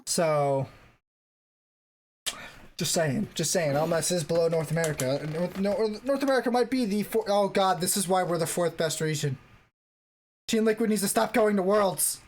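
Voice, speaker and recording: A man's voice: high voice, moderate pace, slight background noise. Rambling man on a casual podcast. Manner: rambling, recalls facts aloud. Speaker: podcast co-host. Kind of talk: casual esports podcast chat.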